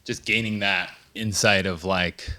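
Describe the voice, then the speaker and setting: A man's voice: sits low, fairly even intonation, unhurried, pushed and bright. A man co-hosting an interview, chatting casually and affirming the guest. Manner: affirming, short reactions. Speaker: podcast co-host.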